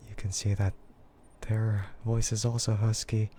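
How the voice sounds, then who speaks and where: An American man chatting in a soft, gentle ASMR voice, relaxed and hesitant with frequent giggles. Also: lowish voice, unhurried, a little hiss or hum. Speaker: VTuber streamer. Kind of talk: soft-spoken ASMR chat.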